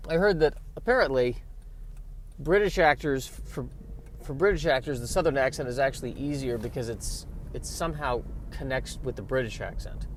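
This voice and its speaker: A man's voice: medium pitch, normal speed, slight background noise. A man hosting his own podcast in a casual, rambling monologue, talking in an offhand, self-mocking way. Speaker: podcast host.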